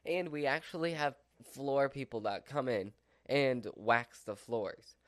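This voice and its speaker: A man's voice: mid-range voice, expressive, a little slow, no echo, studio quality. A man vlogging from home in a rambling casual chat, full of "like" and "so" fillers. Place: at home with his dog. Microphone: mic within his dog's reach.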